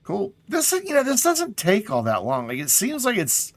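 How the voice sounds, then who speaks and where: A man's voice: high-pitched, wildly swooping pitch, normal speed, no room sound. A man casually chatting to his viewers while playing a game on a live stream, sounding tired and yawning. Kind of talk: casual live gameplay chat.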